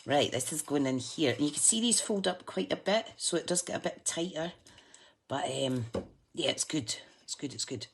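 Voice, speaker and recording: Over slight background noise, a Scottish woman with a low voice and lively intonation talks at a moderate pace to her live audience during a craft demonstration. Chatty and self-mocking, she keeps addressing viewers as she works.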